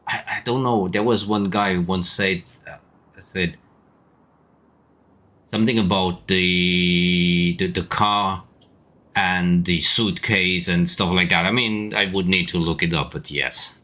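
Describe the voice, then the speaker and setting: Bright-toned man with Canadian French accent. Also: low voice, steady tone, slow. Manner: joking, laughs often. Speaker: streamer. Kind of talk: casual chat while gaming.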